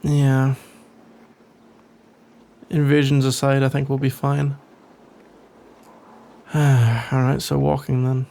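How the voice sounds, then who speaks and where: A man playing a sarcastic young male office rival in an ASMR role-play, speaking in a dry, grumbling way with a gravelly voice. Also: medium pitch, monotone, slow, long pauses, dark tone.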